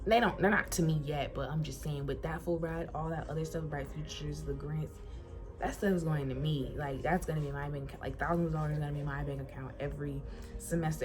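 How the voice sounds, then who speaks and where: Low-voiced young woman telling a story. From Florida, US. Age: young adult. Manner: animated, colloquial, acts out quotes. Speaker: incoming college student. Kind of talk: casual storytime. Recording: music playing behind voice.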